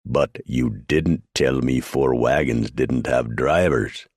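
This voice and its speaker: A man's voice: rumbling low, animated, normal speed, gravelly, a little mellow, slightly rough, no room sound, clean studio sound, heavily acted. A man voicing a blustering, bullying sergeant major, roaring orders. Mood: bellowing. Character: boisterous Irish army sergeant major, bullying.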